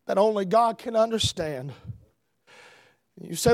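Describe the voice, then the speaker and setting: Preacher, male, very high voice, dry close sound, shouts then hushes. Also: lively intonation, moderate pace, no room sound. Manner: builds to shouting emphasis, swings between loud and hushed. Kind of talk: revival sermon.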